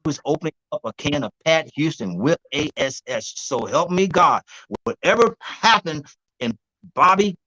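A man being interviewed as an herbal healer, telling stories in a lively, demonstrative way, laughing often and acting out what others said. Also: on the high side, normal speed, no room sound, low-quality recording. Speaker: guest herbalist. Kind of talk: animated storytelling interview.

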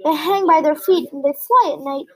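Stella Luna, a woman reading as a high eager young bat. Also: normal speed, lightly acted. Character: young female bat, curious and earnest. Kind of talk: storybook read-aloud.

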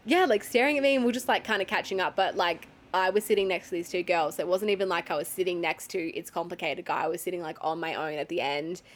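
A woman's voice: fairly low pitch, fast, few pauses. Young woman, Australian accent, chatty storytelling, filler-heavy, swears freely. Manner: chatty, lots of fillers and swearing, laughs often. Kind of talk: casual storytelling.

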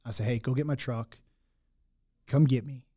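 A man's voice: medium pitch, fairly even intonation, moderate pace, mellow, breathy edge. A young man telling his own hard story in candid talk, blunt and full of swearing and restarts. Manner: raw, blunt, swears often, many restarts.

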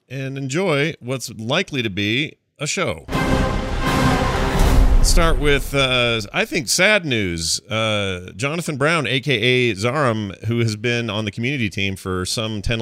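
A male podcast host with a crisp, smooth voice and a forceful, bright tone, recorded dry and close. He chats casually, upbeat and joking, keeping things moving. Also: on the low side, no room sound. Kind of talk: casual chat.

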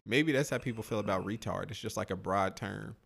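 A man's voice: on the low side, fairly quick, creaky, fairly bright tone, breathy edge. A young man co-hosting a podcast, rambling in a loose, profane casual chat full of "like" and "man". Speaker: podcast co-host.

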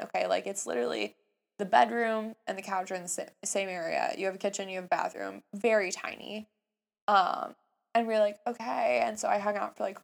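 A young woman in her twenties telling a story casually, with animated jumps between hushed asides and excited outbursts. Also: medium pitch, creaky.

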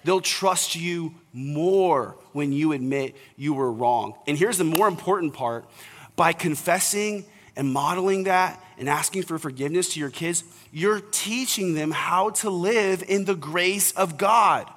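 A man's voice: a little high, unhurried, fairly bright tone. A young man preaching an earnest, conversational sermon to fathers as pastor. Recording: reverberant hall.

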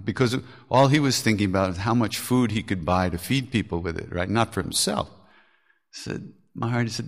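A man with a gravelly, fairly low voice tells stories on his podcast. He talks frankly and earthily, throwing in curses and laughing at his own foolishness. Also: fairly quick. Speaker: podcast host telling spiritual stories. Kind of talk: candid storytelling talk.

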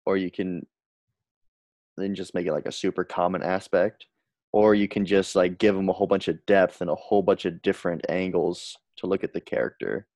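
A young man with a very deep, gravelly voice, working through his ideas out loud on a podcast call. He starts over mid-sentence as he goes. It sounds dry and close. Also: steady tone, brisk, dry recording. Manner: thinks aloud, restarts sentences. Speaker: podcast co-host. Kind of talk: casual chat. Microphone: remote call mic.

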